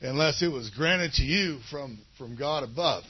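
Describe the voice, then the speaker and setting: A man's voice: fairly high pitch, normal speed, husky, muffled recording. A man voicing a blunt, defiant speaker.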